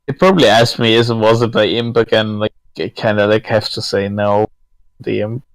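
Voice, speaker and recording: A man's voice: lowish voice, fairly even intonation, normal speed, dry recording, rough recording. Giggly, hesitant young-sounding male player. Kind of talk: casual tabletop play.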